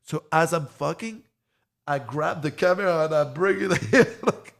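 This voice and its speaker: A French-accented man in his forties tells stories as an interview guest. His voice is gravelly and sits a little high. He swears freely and jumps into the voices of the people in his story. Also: normal speed. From France. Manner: swears a lot, animated retelling with quoted voices. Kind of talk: casual storytelling.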